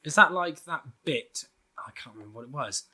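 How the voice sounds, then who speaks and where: Bright-voiced wry gamer. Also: male voice, mid-range voice, expressive, fairly quick. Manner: wry, swearing, joking while playing. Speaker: gaming co-host. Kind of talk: casual let's-play chat.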